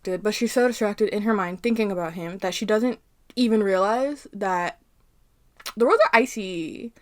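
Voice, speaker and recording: A young woman from Arizona hosting a casual book commentary, ranting in an animated, heated way with plenty of swearing. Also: medium pitch, moderate pace.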